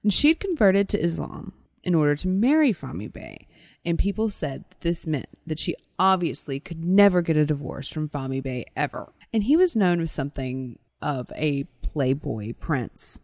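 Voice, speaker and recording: A woman's voice: deep voice, sing-song, moderate pace, darkish tone, dry recording. A woman co-hosting a podcast, telling a story in casual chat and acting out quotes with playful voices. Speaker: podcast co-host.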